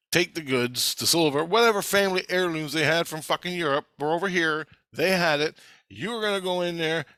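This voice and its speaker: Man vlogger, tense forceful voice, swears constantly, rambling storyteller, dry close sound. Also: medium pitch, dry recording. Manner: profane, intense, rambling storytelling. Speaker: vlogger recounting past-life memories. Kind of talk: casual spoken monologue.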